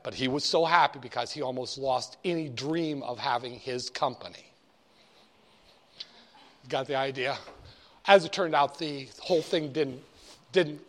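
A man teaching a class, speaking in a conversational, digressive storytelling manner. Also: medium pitch. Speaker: instructor. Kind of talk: storytelling lecture.

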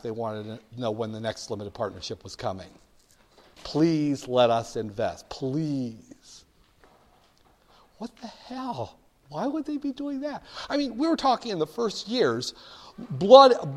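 An older man from the northern United States telling stories to an audience in an animated, emphatic, wry way. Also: fairly high pitch. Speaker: speaker addressing an audience. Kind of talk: storytelling talk.

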